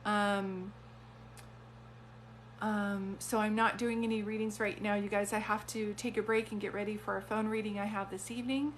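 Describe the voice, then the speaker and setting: A woman talking straight to her live-stream viewers as a psychic medium, earnest and chatty, passing on messages in an easy conversational flow. Her voice sits at a middle pitch. A faint hum runs under the phone-mic recording. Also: level tone, moderate pace.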